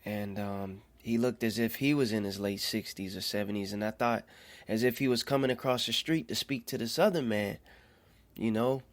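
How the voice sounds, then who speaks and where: A man telling a personal faith testimony in an earnest, halting way, often repeating phrases as he goes. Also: lowish voice. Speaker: storyteller.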